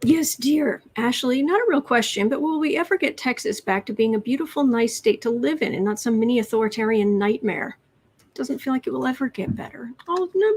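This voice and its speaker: A woman's voice: on the high side, brisk, slightly rough. A woman tarot reader chatting on a live stream, reading viewer questions aloud and cooing to her cat between them.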